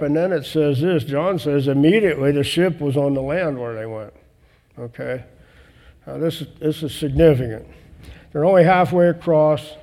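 A man preaches a conversational Bible-teaching sermon, his voice mellow and slightly high-pitched. He reads scripture aloud and explains it in a relaxed, plain way, with small restarts. The sound carries a long hall reverb.

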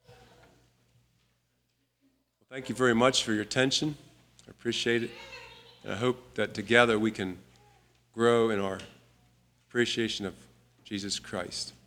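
A man teaching a Bible study, unhurried and reading scripture aloud with emphasis. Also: fairly low pitch, fairly even intonation, a bit bright.

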